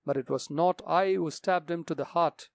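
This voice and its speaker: A man doing a stern, solemn older gentleman. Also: on the high side, normal speed, vocal fry, no room sound. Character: stern older man, a returned father figure.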